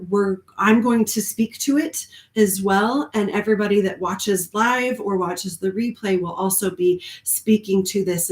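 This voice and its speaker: A woman's voice: mid-range voice, darkish tone, reverberant. A woman speaking as a spiritual coach on a live stream, talking earnestly and rambling with frequent ums and small laughs. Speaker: spiritual coach and card reader.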